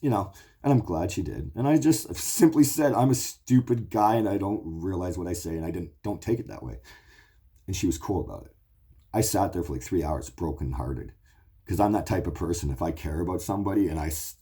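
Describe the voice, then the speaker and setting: A man's voice: sits low, mellow, slightly rough. A man in his forties hosting his own show, talking in a blunt, profane, emotional rambling monologue. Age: 40s. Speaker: show host.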